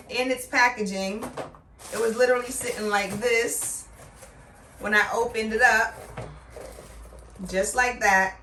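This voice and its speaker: A woman's voice: a little high, distant mic, background noise. A middle-aged woman chatting playfully and with emphasis as she reviews a product. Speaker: beauty vlogger. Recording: echoey room, voice off-mic.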